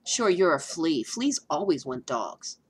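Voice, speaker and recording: A woman's voice: low-pitched, sing-song, slightly rough, full character voice. A woman voicing a boastful bouncy flea. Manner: eager, quick show-off patter.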